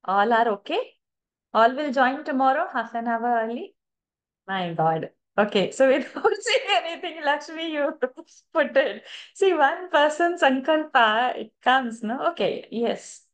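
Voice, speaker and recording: A woman's voice: sits high, animated, a little slow. A woman teaching a scripture chanting class over a video call, chatting casually, laughing often and trailing off mid-sentence. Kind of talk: casual online class chat.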